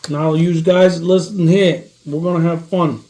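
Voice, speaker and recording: A man's voice: on the high side, fairly even intonation, measured pace, dark tone. A man hosting a home cooking show, talking loosely to viewers with jokes and cussing while his eyes water from onions. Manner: loose, joking and profane, talks to viewers. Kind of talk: casual cooking chat. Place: home kitchen. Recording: echoey room, from far off.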